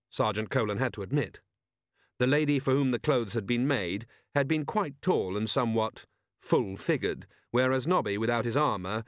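A man narrating an audiobook in a measured manner. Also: mid-range voice, no echo, studio quality.

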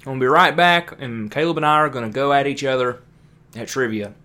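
A man's voice: medium pitch, fairly quick, bright, forceful tone. A man co-hosting a podcast, chatting casually and teasing his co-host with jokes. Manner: joking, teasing, rambling with restarts. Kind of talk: casual chat.

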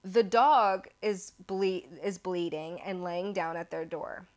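An American woman hosting a podcast, telling a story casually in an animated, self-mocking way that exaggerates for laughs. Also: fairly low pitch, slow pace. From United States. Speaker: podcast host.

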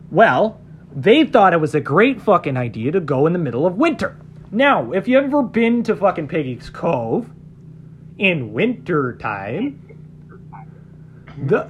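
High-voiced man telling a story. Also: a little hiss or hum. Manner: profane, laughs often. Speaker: podcast guest. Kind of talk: casual storytelling.

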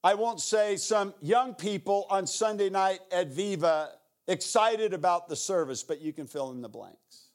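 A middle-aged man preaching as a guest speaker, telling an animated story and acting out the people in it, with playful asides. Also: high-pitched, measured pace. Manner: animated, acts out the people in his stories. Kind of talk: sermon storytelling.

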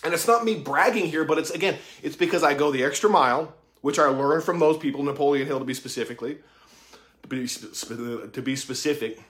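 A man giving a casual monologue about mentorship, profane and excitable, full of slang, acting out conversations he quotes. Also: fairly high pitch, brisk. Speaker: tattoo artist talking about mentorship.

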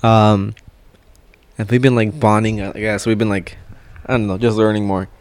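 A man's voice: on the low side, level tone, moderate pace, slight background noise. A young man co-hosting a casual podcast, rambling with frequent restarts and laughter. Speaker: podcast co-host. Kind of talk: casual chat.

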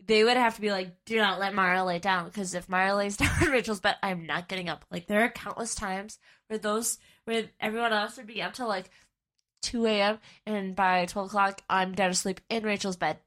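Bright-voiced young woman, quick laughing reactions. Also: mid-range voice, fairly even intonation. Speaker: podcast co-host. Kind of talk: casual chat.

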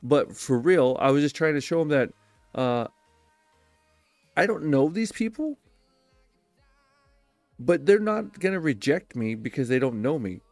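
A young man hosting his own podcast, giving profane, blunt advice in a casual solo monologue and acting out quick quoted exchanges. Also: medium pitch, lively intonation, a little mellow, no echo, soft background music. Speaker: podcast host.

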